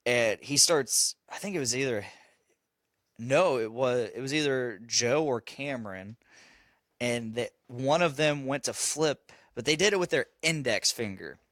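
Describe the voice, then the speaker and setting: A man's voice: medium pitch, lively intonation, measured pace, fairly bright tone, no echo. A man telling a parenting story on a casual podcast, swearing and laughing as he goes. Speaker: podcast host; father.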